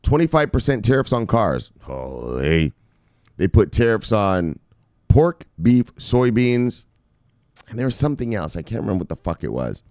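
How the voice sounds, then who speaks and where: A man's voice: fairly low pitch, very animated, moderate pace, darkish tone, no room sound, studio quality. A man hosting crypto news, ranting with casual profanity and lots of fillers. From United States.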